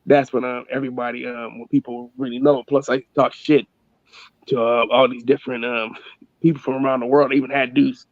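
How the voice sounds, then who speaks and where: A man's voice: medium pitch, level tone, fairly quick, no room sound. A man co-hosting a casual podcast, telling boastful, profane stories about arguing with fans online. The sound is dull and dry. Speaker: podcast co-host. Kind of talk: casual chat.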